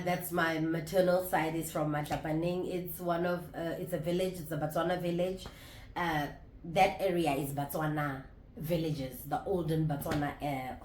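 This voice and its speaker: A woman in her thirties talking candidly to camera in a casual vlog, reflective and halting, often restarting her sentences. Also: sits low. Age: 30s. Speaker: vlogger. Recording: roomy echo.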